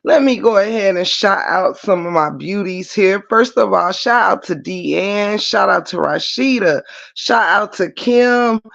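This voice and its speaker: A livestream host chats with viewers in a slow, gravelly voice, greeting and shouting out each one by name with open affection. The audio is a dull, lo-fi stream recording. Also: mid-range voice. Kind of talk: casual live chat with viewers.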